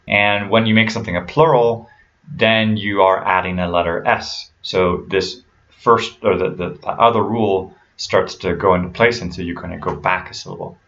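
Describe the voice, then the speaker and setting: A man teaching pronunciation rules patiently and methodically, slowing down to model each word. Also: sits low, gravelly, fairly bright tone, dull audio. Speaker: language teacher.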